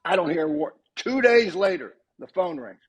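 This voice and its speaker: An older man with a husky, slightly hoarse voice that sits a bit above the usual male pitch. He tells casual stories as a podcast guest and jumps into lively quoted dialogue as he goes. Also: normal speed. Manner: animated storyteller who acts out quoted dialogue. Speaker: podcast guest, retired football coach. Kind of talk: casual anecdotal storytelling.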